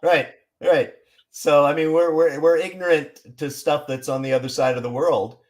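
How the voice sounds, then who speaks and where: A man from Seattle, a songwriter and writer, talking on a podcast in a measured, explanatory way. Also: on the high side, steady tone. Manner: measured, explanatory, with frequent restarts. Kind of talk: casual interview chat.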